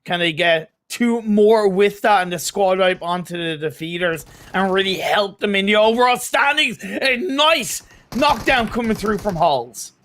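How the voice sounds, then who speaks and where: A man co-casting a live mobile esports match, with energetic, chatty commentary. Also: high-pitched, a little slow, few pauses. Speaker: esports caster.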